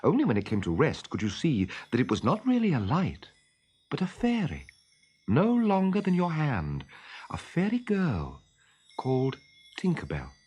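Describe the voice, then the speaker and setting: Expressive man reading a storybook aloud. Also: medium pitch, moderate pace, slightly rough. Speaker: narrator.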